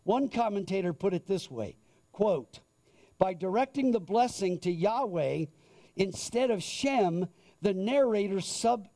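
Male pastor, sermon; high, mellow voice, slow and deliberate through scripture.

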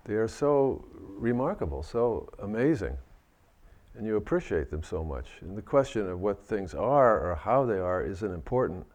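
A man with a fairly low voice delivers a Buddhist dharma talk. He speaks gently and reflectively, working his way through ideas and often restarting phrases as he searches for words. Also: big pitch swings, moderate pace. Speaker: Buddhist teacher.

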